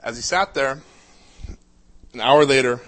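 Speaking at a measured pace in a mid-range voice with a fairly bright tone, a man tells his life story as a personal testimony. His talk is casual and conversational, with frequent "uh" fillers and restarts.

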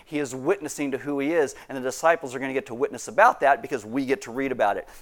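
A man preaching a sermon as pastor, animated and acting out quoted voices with big leaps in pitch. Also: fast talker.

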